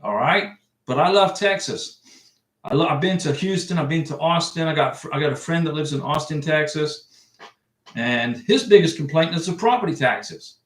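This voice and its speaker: A man's voice: fairly high pitch, lively intonation, moderate pace, fairly bright tone. A middle-aged man from the United States hosting a casual livestream, answering viewer comments in a chatty, rambling way with frequent restarts. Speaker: livestream host giving visa advice. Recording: echoey room, distant mic.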